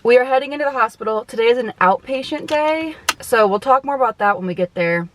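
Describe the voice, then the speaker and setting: A woman's voice: on the high side, brisk, few pauses, fairly bright tone, slight background noise, rough recording. A woman, a dietitian, chatting casually to her viewers in a day-in-the-life vlog. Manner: chatty, talks straight to viewers. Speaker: outpatient dietitian vlogger.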